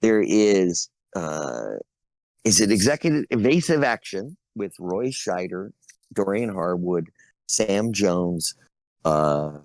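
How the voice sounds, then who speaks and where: A man's voice: sits low, a little mellow, no room sound. A middle-aged man telling long, rambling stories as a guest on a casual podcast. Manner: rambling storyteller, laughs between stories. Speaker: guest actor.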